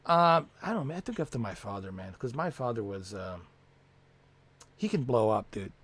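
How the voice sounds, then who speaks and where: A man's voice: medium pitch, sing-song, moderate pace, a bit bright, breathy edge. A man hosting a casual livestream from home, rambling and swearing with lots of fillers. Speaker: livestream host.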